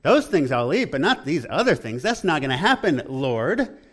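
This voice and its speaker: A preacher voicing a pious, proud apostle who protests loudly as he refuses unclean food, in a sermon. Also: on the high side, big pitch swings, normal speed, breathy edge, pitched above the performer's own voice. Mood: indignant. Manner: protesting, emphatic, raised and insistent.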